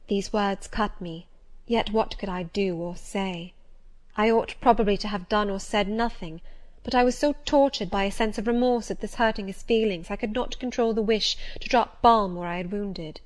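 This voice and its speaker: A woman narrating a classic novel as an audiobook in the first person, measured and composed. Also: mid-range voice. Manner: measured and composed, with a mid-range voice.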